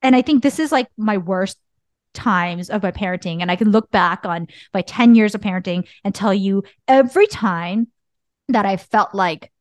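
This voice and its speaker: A woman in her thirties co-hosting a podcast, telling a story in animated casual chat and acting out the dialogue. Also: medium pitch, normal speed, no room sound. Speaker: podcast co-host.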